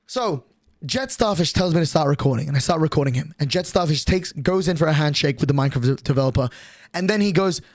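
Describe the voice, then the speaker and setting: High-voiced young man telling a story. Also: lively intonation, fast, no echo. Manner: rambling, profane, acts out quotes. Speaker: streamer. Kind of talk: casual storytelling.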